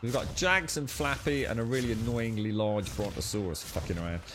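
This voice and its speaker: A man's voice: mid-range voice, a little fast, noisy background. A man streaming a game, joking and swearing as he talks to his pet creature. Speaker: gaming streamer. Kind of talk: live game commentary. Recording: game music clearly heard behind. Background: game music.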